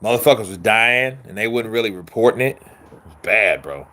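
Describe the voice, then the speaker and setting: A man with a lowish, pushed and bright voice hosts a casual boxing chat, rambling loosely and profanely in a street style at a moderate pace. His intonation is lively, and he answers viewer questions while acting out quotes with shifts in his voice.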